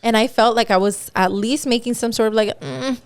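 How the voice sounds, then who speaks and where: A woman co-hosting a podcast, chatting casually and telling stories in an animated, profane way. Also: on the high side, quick pace, smooth, no room sound. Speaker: podcast co-host. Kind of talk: casual chat.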